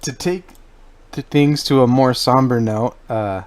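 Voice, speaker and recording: A man's voice: mid-range voice, measured pace. A man with a mid-range voice co-hosts a casual podcast. He teases his partner playfully and moves the talk along. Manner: teasing, playful banter. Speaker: podcast co-host. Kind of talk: casual chat.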